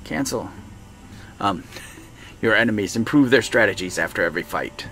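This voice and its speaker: A man's voice: lowish voice, lively intonation, moderate pace, long pauses, a bit bright. A man streaming a video game, chatting casually, thinking aloud and laughing often. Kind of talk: casual live-stream chat while playing.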